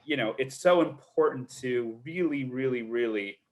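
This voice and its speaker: A man's voice: mid-range voice, normal speed, muffled recording. Earnest man talking agent advice. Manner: earnest, repeats words while thinking. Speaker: literary agent. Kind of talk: live online Q&A.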